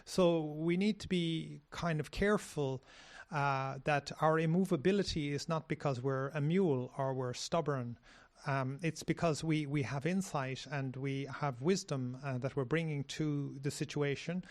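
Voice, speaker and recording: A man in a meditation discussion, speaking haltingly with many pauses and restarts. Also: fairly high pitch. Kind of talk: dhamma discussion.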